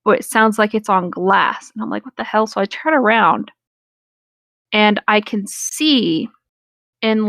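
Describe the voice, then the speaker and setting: A young woman in her twenties tells a story in a loose, rambling way, full of fillers, and swears casually. The recording is dry and close, with no room sound, and her pitch sits in a middle register. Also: no echo. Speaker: podcast co-host.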